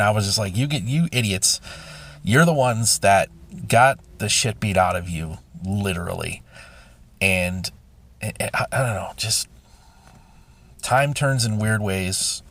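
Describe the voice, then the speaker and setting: Halting, emotional middle-aged man. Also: fairly low pitch, fairly bright tone. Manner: halting, emotional, frequent restarts and sighs. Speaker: podcast host. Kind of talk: personal confessional monologue.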